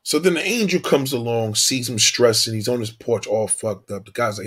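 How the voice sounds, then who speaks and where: Husky, profane man preaching a story. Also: medium pitch, normal speed, fairly bright tone. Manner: profane, emphatic, repetitive.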